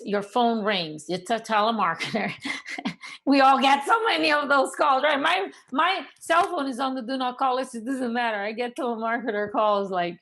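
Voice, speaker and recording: Animated middle-aged woman sales coach. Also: fairly high pitch. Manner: animated, acts out phone calls. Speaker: real estate sales coach. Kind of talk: coaching lesson to camera.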